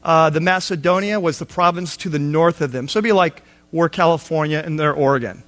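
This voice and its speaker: A man's voice: on the high side, a little fast, a bit bright. A man preaching a sermon on a Bible passage, talking conversationally with asides and acted-out quotes. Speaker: pastor.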